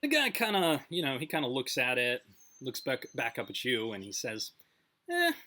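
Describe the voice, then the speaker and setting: A man's voice: mid-range voice, brisk, sharp tone. A man telling a story in a casual, conversational way, with many fillers and restarts.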